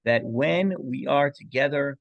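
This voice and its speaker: A man leads a relaxed Torah class. His voice is gravelly, and the recording sounds close and dry. He wanders through a story with restarts and asides and drops Hebrew and Yiddish phrases into his English. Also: medium pitch, a little slow, no room sound, dull audio. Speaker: rabbi teaching a class.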